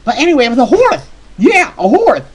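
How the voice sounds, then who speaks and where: A performer voicing a small, childlike, excitable male character telling a comic story in a rambling, giddy way with lots of fillers. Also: high voice, fairly quick, a little hiss or hum, low-quality recording. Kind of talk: comedic monologue.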